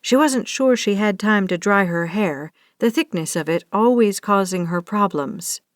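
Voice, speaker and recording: A woman's voice: medium pitch, measured pace, no room sound. Woman narrating a romance audiobook, dry. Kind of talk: scripted narration.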